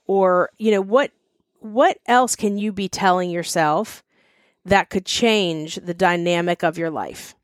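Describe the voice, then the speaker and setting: A woman's voice: on the low side, takes it slowly, no echo, studio quality. A woman with a Mid-Atlantic American accent, co-hosting a podcast in casual, emphatic chat. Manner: chatty and emphatic, addresses listeners as y'all. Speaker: podcast co-host.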